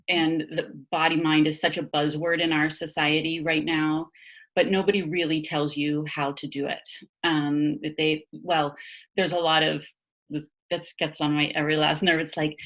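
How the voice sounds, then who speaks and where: A low-voiced woman talks casually as a body-mind therapist guest. Her delivery is animated, with frequent laughter, fillers and restarts, and she sounds like she is on a video call. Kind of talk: casual conversational explanation.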